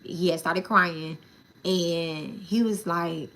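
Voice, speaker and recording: Woman w/ aave storytelling casually, bright sharp voice, swears a lot, keeps saying y'all. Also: lowish voice, takes it slowly. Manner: animated, profane, addresses listeners as y'all. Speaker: spiritual channel host.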